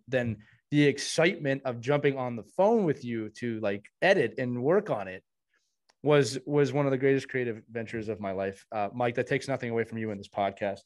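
Man, podcast host, casual chat, earnest, effusive, middle pitch. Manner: effusive and earnest, heaping praise on co-hosts.

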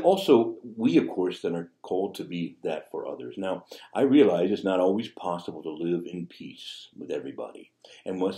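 A man's voice: sits low, dark tone. A man preaching a sermon as a priest, speaking conversationally and tossing in rhetorical asides. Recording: echoey room.

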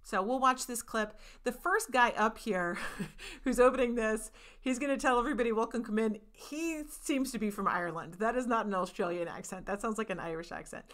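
A woman's voice: on the high side, brisk, a bit bright. A woman hosting a casual livestream, reading viewer comments aloud and chatting about them. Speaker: host. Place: home in rural New England.

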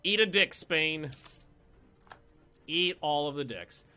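A man's voice: on the high side, lively intonation, takes it slowly, sharp tone. A man casually commenting as he plays a strategy game on stream, chatty and playful, swearing and repeating himself as he thinks. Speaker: let's play streamer.

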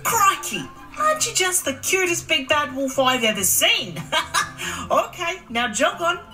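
A woman's voice: sits high, big pitch swings, measured pace, sharp tone, soft background music, voice pushed up, exaggerated voice, poor audio. A woman with an Australian accent voicing a brash, cheeky young Red Riding Hood in a stage skit, full of slang. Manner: cheeky, slang-heavy, exaggerated drawl.

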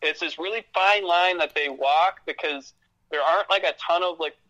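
A man co-hosting a podcast with a bright, sharp voice pitched a little high. He talks in a laid-back, profane way, full of fillers. The recording is dull and lo-fi. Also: moderate pace. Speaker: podcast co-host. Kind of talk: casual film review chat.

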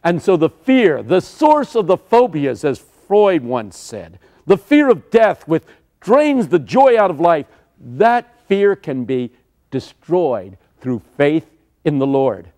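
An older man preaching a sermon, telling stories dramatically with sudden shouts. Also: on the high side, big pitch swings, slow. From United States.

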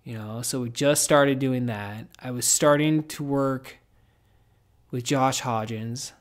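A man's voice: mid-range voice, slow. A man hosting a podcast in casual, reflective chat, rambling with lots of filler words and swearing. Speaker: podcast host.

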